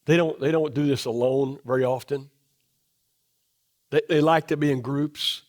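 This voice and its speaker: A middle-aged man preaching a sermon in a church, asking the congregation question after question, his voice dropping low and soft to drive points home. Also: steady tone, moderate pace. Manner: emphatic, asks the congregation rhetorical questions. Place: church sanctuary.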